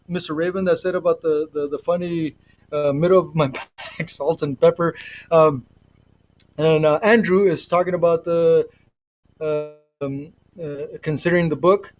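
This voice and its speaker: A man's voice: fairly high pitch, a little mellow. A middle-aged man with a Mexican accent, talking on a casual spiritual livestream from home through an earbud mic. He rambles earnestly, often trailing off and restarting. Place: home with children nearby. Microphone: earbud headset.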